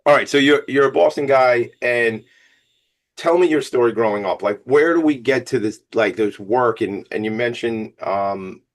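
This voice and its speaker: Excitable Long Island radio host, man. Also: medium pitch, moderate pace. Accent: Long Island New York. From Long Island, New York. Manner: excitable, rambling, jokey. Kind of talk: casual radio talk. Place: radio studio.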